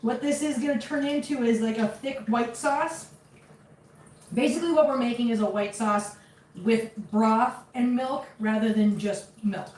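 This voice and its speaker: In her echoey home kitchen, a cooking vlogger chats casually to her viewers and her cats as she cooks, sounding a bit flustered. Her voice is a little high, unhurried and a little mellow, picked up off-mic from a distance.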